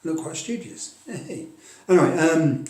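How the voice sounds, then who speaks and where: A man's voice: on the high side, lively intonation, measured pace. Chatty Englishman in an echoey room. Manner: chatty, self-deprecating, laughs often, frequent restarts. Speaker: wargaming hobby vlogger. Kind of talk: casual rambling chat to camera. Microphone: filming on a tablet.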